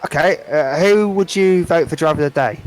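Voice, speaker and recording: A man's voice: a little high, fairly quick, poor audio. A man co-hosting a casual podcast, hesitant, often filling with um and uh and ending points on tag questions. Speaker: podcast co-host. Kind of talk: casual chat.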